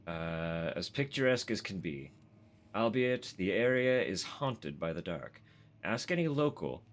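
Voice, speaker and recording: A Canadian man with a very low voice, streaming a horror game live. He reads the game's lore text aloud between chatty, self-deprecating asides, swearing freely and laughing often. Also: a bit bright.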